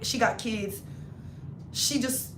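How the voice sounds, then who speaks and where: A woman livestreaming a casual storytime, animated and slangy, acting out her friends' voices as she talks. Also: a little high, slow pace, reverberant, slight background noise. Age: adult, not in her twenties. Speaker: hairstylist livestreamer.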